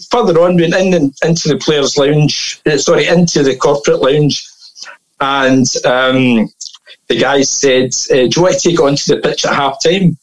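A man's voice: mid-range voice, low-quality recording. A man telling anecdotes as a podcast guest in a casual, chatty way, laughing often and full of fillers and restarts.

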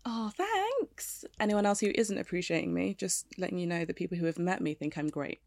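A woman's voice: fairly low pitch, lively intonation, a little fast, creaky, darkish tone. Sarcastic woman podcast co-host. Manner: dry, sarcastic wit. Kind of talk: casual podcast chat.

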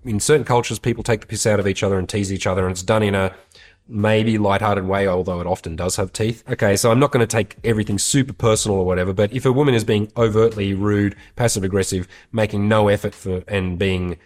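A man's voice: lowish voice, steady tone, fast talker, a little mellow. A man hosting an advice show, talking through a listener's question in a blunt, candid way with casual swearing.

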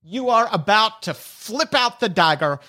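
A man's voice: high voice, lively intonation, a little slow, pushed and bright. A man running a tabletop game as game master, narrating loosely with fillers and giggles.

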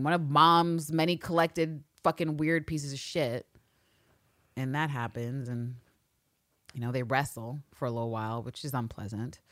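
A woman co-hosting a podcast, recapping a TV episode in casual, animated, profane chat. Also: deep voice, dry recording, studio quality. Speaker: podcast co-host.

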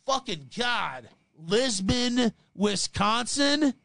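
A man hosting a livestream, delivering an angry, profane rant that swings between yelling and low muttering, mocking his critics. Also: very animated, drawn-out words, creaky, dry recording. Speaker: livestream host.

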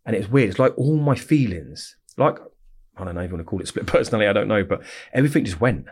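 A man's voice: lowish voice, animated, fast talker, a little mellow, husky. A man, bluntly telling his story in a casual interview, swearing often and rambling. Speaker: interview guest.

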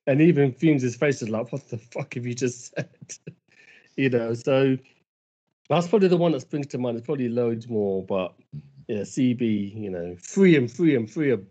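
A man co-hosting a casual hip hop podcast, telling animated anecdotes. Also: mid-range voice, normal speed. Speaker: podcast co-host. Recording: dull lo-fi sound.

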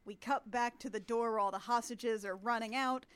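A woman hosting a casual comedic podcast, recapping a film as an animated storyteller who laughs often. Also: fairly high pitch, normal speed, clear, resonant tone.

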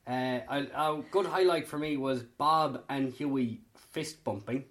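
A man's voice: medium pitch, measured pace. A man, casually chatting as a podcast co-host and laughing often. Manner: laid-back, laughs often. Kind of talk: casual chat.

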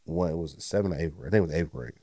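A man co-hosting a podcast in casual chat, joking and cutting in with quick, slangy remarks. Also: a bass voice, warm tone. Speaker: podcast co-host.

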